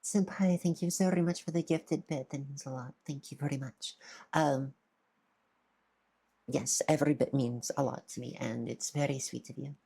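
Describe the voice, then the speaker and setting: A shy woman streamer chats casually with her viewers, stammering softly. Her voice sits very low with a gravelly fry and a dark, mellow color. The whole delivery is gentle and hesitant. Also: steady tone, moderate pace. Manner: soft-spoken, shy, stammering.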